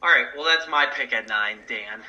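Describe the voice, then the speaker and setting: A man with a very sharp, tense voice argues his points on a casual sports podcast. The recording is slightly dull and lo-fi. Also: medium pitch, moderate pace. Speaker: podcast co-host.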